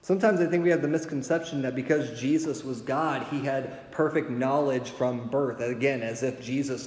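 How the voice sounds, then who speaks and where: A man in his thirties delivers a sermon in a relaxed, conversational way, often tossing in "right?" and chuckling. His voice sits at a medium pitch and rings out in a roomy church hall with a long reverb tail. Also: normal speed, slight background noise. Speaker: pastor. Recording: echoey hall.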